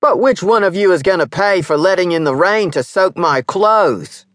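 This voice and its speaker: A narrator voicing a thickset, belligerent tavern patron who shouts his threats. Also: sits high, lively intonation, normal speed, no echo, clean studio sound. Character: surly, thickset tavern brawler.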